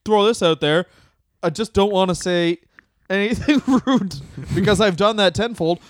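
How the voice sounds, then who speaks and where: A man's voice: high voice, moderate pace, dry recording, studio quality. A man co-hosting a comedy podcast, telling stories in a loose, profane way. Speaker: podcast co-host. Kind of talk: casual comedic chat.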